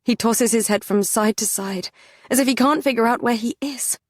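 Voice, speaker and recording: A woman narrating a fantasy audiobook in the first person, measured and even. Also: on the high side, no room sound, studio quality.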